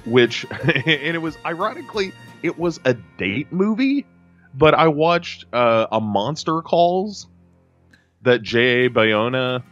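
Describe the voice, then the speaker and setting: A man's voice: mid-range voice, sing-song, takes it slowly, a bit bright, highs cut off, soft background music. A man from the United States co-hosting a film podcast in casual chat, rambling and often restarting his sentences. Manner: rambling, self-interrupting, chatty. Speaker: podcast co-host.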